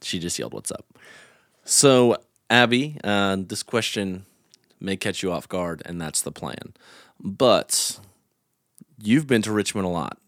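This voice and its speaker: Low-voiced playful man hosting a podcast. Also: animated, measured pace, a bit bright, no room sound, studio quality. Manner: playful, teasing. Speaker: podcast host. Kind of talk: casual interview.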